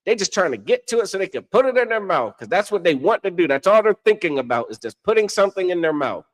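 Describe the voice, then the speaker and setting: A man preaches in a loose, conversational way. He keeps checking in with his listener and swears offhand, and his voice swings widely in pitch as he builds his points. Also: quick pace. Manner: animated, repeats "you understand?", swears casually. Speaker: religious podcast co-host. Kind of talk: casual preaching talk.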